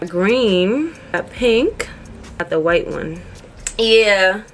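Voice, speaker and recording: A woman's voice: mid-range voice, sing-song, extremely slow, noisy background. A woman in her twenties chatting casually to her viewers in a bubbly, slangy vlog style. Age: 20s. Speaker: vlogger. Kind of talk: casual vlog chat to camera.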